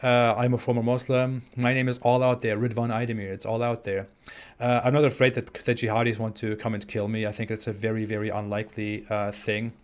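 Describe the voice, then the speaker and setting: A man in his twenties with a German accent, hosting a live stream and reading out viewer super chats, talking in a halting way with many fillers and restarts. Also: medium pitch, little pitch movement, clear, resonant tone. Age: 20s. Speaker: livestream host. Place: home in the US Midwest.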